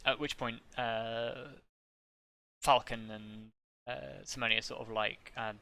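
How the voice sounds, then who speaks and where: A man's voice: mid-range voice, steady tone, takes it slowly, vocal fry, pushed and bright, no room sound. A man narrating a tabletop game as game master, rambling with many fillers and restarts.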